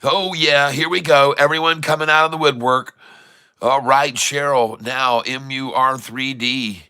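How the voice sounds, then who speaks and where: A man hosting a casual livestream, chatting warmly and reading out where viewers are from. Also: mid-range voice, steady tone, unhurried, smooth. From Michigan. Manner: chatty, reads out viewers' locations. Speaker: livestream host.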